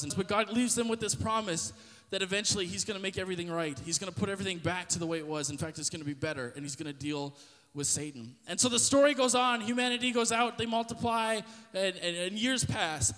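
A man with a high voice tells a Bible story casually, full of slang and stumbling restarts. His podcast voice rings with a long reverb. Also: fairly bright tone. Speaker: podcast host.

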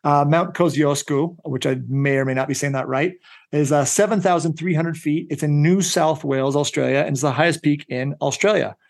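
Curious male host with a higher voice. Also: fairly quick. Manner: curious, reacts with frequent exclamations. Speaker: podcast host. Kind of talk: casual interview chat.

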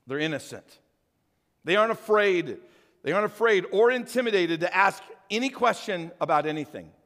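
An older man preaching a sermon, telling animated stories and acting out the voices in them. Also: sits high. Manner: animated storytelling, acts out voices. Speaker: pastor. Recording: long church hall reverb.

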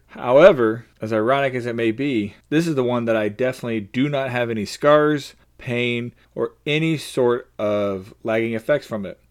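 A man hosting a faith-based podcast, talking in an earnest, personal and openly emotional way. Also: medium pitch. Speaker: podcast host.

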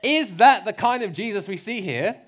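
A man preaching a sermon. He talks in a lively, joking way and acts out little mock voices. His voice sits a bit high. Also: moderate pace.

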